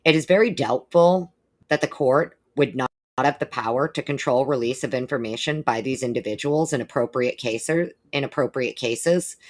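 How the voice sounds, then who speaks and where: A woman hosting a live stream, reading court documents aloud and breaking off now and then for wry casual remarks. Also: very deep voice. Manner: reads legal text steadily, breaking off for wry remarks.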